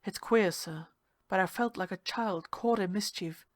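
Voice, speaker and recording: A woman's voice: medium pitch, measured pace, no room sound. Woman reading a ghost story, dry sound. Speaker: story reader. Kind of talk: scripted narration of a ghost story.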